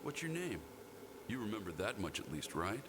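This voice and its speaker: A lazy, wry school doctor with a lowish, lively voice, dry and teasing,. It is game dialogue with a clear bed of ambient noise behind. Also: male voice, moderate pace. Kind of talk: video game voice acting.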